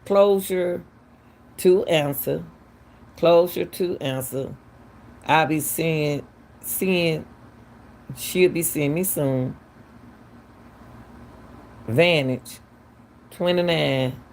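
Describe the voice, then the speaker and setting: A woman's voice: low-pitched, very slow, vocal fry, pauses often, darkish tone, slight background noise. A woman, hosting casual true-crime commentary, talking emphatically and firing off repeated, incredulous questions. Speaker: commentary channel host.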